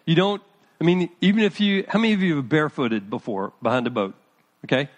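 Man, high voice, pastor, relaxed conversational sermon, middle-aged. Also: fairly quick, muffled recording. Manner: conversational, addresses congregation by name.

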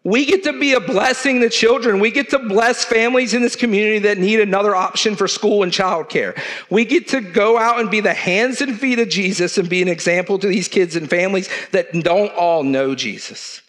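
A man's voice: high voice, a little fast, fairly bright tone. A middle-aged man, preaching in an earnest, conversational way to his church. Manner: earnest, conversational preaching with southern turns of phrase. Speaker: church leader. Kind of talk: sermon.

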